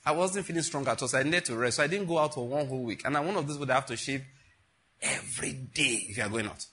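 Racing along in a high-leaning voice, a male pastor preaches a sermon. He tells his stories with animation and acts out what the people in them say.

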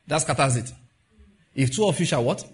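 A man's voice: on the high side, animated, moderate pace. A male pastor giving a sermon in a loose, conversational way, laughing as he retells stories and acting out the voices he quotes.

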